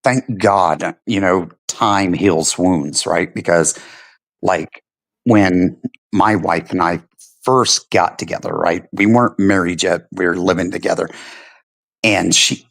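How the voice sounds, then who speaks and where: A man's voice: sits low, slow pace, creaky, fairly bright tone, dry recording, poor audio. A middle-aged man, a veteran, chatting casually on a stream and telling stories, laid-back and swearing, full of "you know" and "right". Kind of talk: casual chat.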